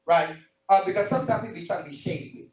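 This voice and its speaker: A male preacher giving an animated sermon, full of storytelling and repeated phrases. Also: high voice, very fast. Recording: roomy distant church recording.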